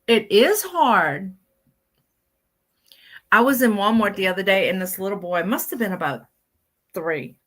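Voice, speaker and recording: Bright-voiced animated woman. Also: mid-range voice, unhurried, pauses often. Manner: animated storyteller, acts out quoted voices. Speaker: co-host. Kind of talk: casual chat.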